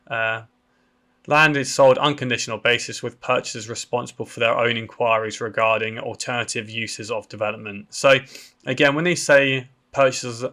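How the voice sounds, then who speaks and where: Bright-voiced British property host. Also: male voice, mid-range voice. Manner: casual, explanatory, with fillers. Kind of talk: screen-share walkthrough.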